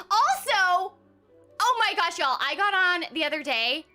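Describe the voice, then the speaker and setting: A bubbly young woman chats to her stream viewers in a high, bright voice. Her pitch leaps around, yet she talks at an unhurried pace. She rambles and giggles between thoughts. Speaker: streamer and voice actor. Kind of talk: casual game stream chat.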